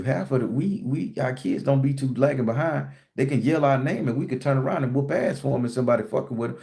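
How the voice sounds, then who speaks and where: A man's voice: medium pitch, gravelly, mellow. A man, teaching folk magic in a casual, profane, folksy way and acting out bits of dialogue. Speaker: spiritual teacher and tarot reader. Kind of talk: casual live-stream teaching.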